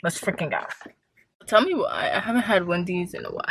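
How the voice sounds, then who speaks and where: A woman's voice: on the low side, huge pitch swings, a little fast, a bit bright, a little hiss or hum. A young woman vlogging in casual chat from her parked car. She sounds tired and yawns, and she talks with lots of fillers and frequent laughs. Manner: chatty, laughs often, many fillers. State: tired, yawning. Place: parked car outdoors, hot day.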